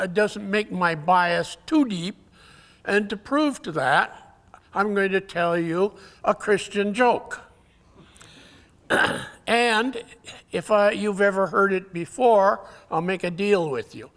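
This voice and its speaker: A man giving a conference talk, telling jokes in a folksy, halting way, his voice weakened, often clearing his throat. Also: high-pitched, fairly bright tone. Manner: folksy, halting storyteller with many uhs. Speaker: conference speaker. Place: conference hall. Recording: long hall reverb.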